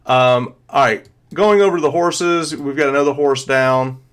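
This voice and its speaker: A man narrating as game master of a tabletop game, pausing often with fillers as he describes the action. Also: mid-range voice, a bit bright, clear, resonant tone. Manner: hesitant, filler-heavy narration.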